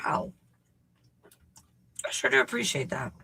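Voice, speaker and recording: A woman's voice: a little slow, bright, forceful tone, in a whisper. A woman hosting a casual livestream chat, snacking, reacting to viewer comments and swearing freely. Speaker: host.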